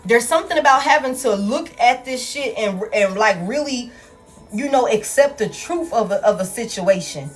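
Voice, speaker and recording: A woman's voice: on the high side, expressive, moderate pace. A woman doing a tarot reading for her viewers in casual, blunt, profane talk, calling them y'all. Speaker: tarot reader. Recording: soft music in the background.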